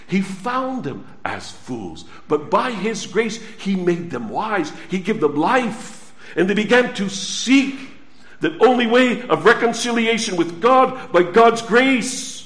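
Male pastor, high, animated voice, measured unhurried preaching, echoey church. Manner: preaching with rhetorical questions, swinging loud and soft. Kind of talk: sermon.

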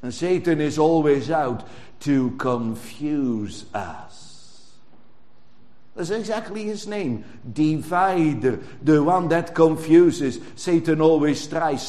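A man's voice: fairly high pitch, lively intonation. A man preaching a sermon in English, stressing words strongly and drawing phrases out. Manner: emphatic, drawn-out preaching with sudden loud stresses. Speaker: pastor.

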